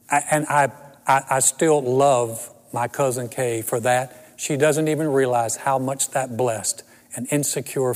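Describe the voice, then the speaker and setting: A man's voice: medium pitch, darkish tone, long reverb tail. A man in his sixties preaching a sermon and telling personal stories with self-deprecating humor. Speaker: pastor.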